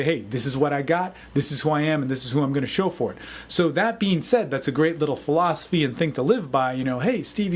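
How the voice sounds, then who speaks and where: A man giving a casual, energetic motivational talk as a dating coach, often saying "man". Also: on the high side. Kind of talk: casual video talk answering a forum question.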